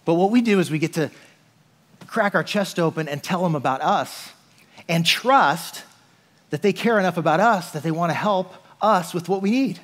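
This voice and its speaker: A man's voice: high voice, animated, normal speed, fairly bright tone, long reverb tail. A male pastor giving a conversational sermon, often asking "right?" and saying "like".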